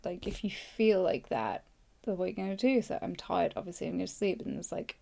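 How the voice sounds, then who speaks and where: A woman, hoarse, hosting a casual live journaling session on a podcast in a rambling, chatty way with lots of fillers. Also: medium pitch, lively intonation, a little fast, dark tone. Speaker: podcast host.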